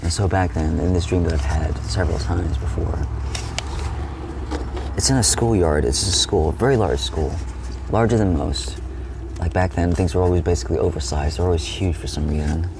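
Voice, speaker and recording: Recounting a dream, a young man streaming rambles along at normal speed in a low, creaky voice with a steady tone. He says "like" constantly, restarts frequently, and swears a lot, all over a noisy background.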